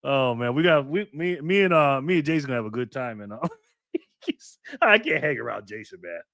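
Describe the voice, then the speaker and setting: A man's voice: animated, moderate pace, vocal fry, a bit bright, no room sound, studio quality. A man hosting a casual livestream, reading viewer comments aloud in an upbeat, laid-back way and laughing often. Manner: upbeat, hypes up viewers with repeated "boom". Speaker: livestream host.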